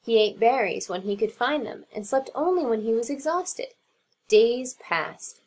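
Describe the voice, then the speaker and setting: Animated woman reading a storybook. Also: fairly high pitch, measured pace. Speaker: teacher reading aloud. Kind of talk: storybook narration.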